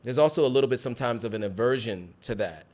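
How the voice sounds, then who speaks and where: A man from the United States, a guest on an interview, speaking in a measured, reflective way. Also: mid-range voice, expressive. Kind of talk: casual interview chat.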